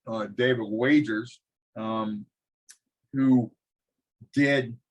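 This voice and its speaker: A middle-aged man lectures a college class over a video call. He talks in halting bursts, full of fillers and restarts. His pitch sits mid-range for a man. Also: a bit bright, low-quality recording. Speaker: college instructor.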